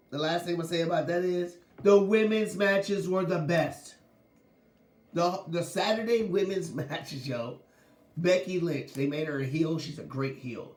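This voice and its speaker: Slangy, animated sports podcast host man. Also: fairly high pitch, echoey room. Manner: animated, slangy, laughs while talking. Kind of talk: casual sports talk.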